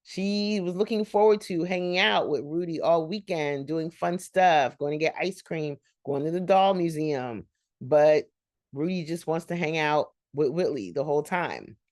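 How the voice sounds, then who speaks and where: Low-voiced woman rambling through a recap. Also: a little slow, darkish tone, no echo, clean studio sound. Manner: chatty, laughing asides. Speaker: host of a reaction channel.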